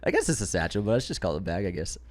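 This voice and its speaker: A man's voice: sits low, big pitch swings, racing. A man co-hosting a movie podcast, reading listener comments aloud in casual chat and laughing often. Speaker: podcast co-host.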